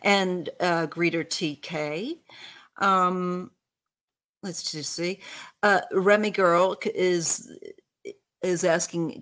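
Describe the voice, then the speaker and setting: Lady host on a live stream, talks real slow and gentle, lowish voice, reads out comments. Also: fairly even intonation. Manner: gentle, unhurried, reads viewer comments aloud. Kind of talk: casual livestream chat.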